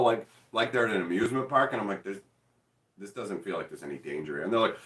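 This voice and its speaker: A man's voice: mid-range voice, a bit bright. Rambling man in an echoey room. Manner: rambling, laughs often, lots of "like". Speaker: card game channel host. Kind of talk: casual chat. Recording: echoey room, mic at a distance.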